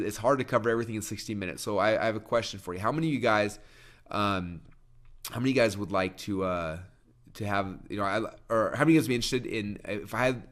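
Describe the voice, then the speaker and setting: A man gives a sales training talk to an audience in a rapid-fire, energetic delivery. His voice sits on the low side, and he keeps restarting sentences as he rushes ahead. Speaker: marketing trainer.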